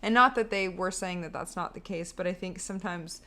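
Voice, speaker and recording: A chatty woman with a slightly low voice, co-hosting a laid-back podcast. Her speech is easygoing and full of "like" fillers and restarts. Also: fairly quick, sharp tone. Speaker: podcast co-host. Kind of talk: casual chat.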